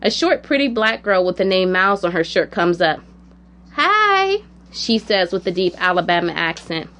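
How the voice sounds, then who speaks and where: A woman narrating a personal story in the first person, in a quiet, measured, reflective way. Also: lowish voice.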